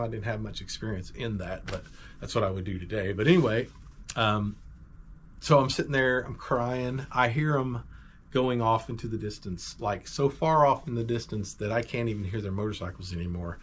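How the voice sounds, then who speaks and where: A middle-aged man casually telling a personal story, animated and conversational, acting out moments as he goes. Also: medium pitch, a little hiss or hum.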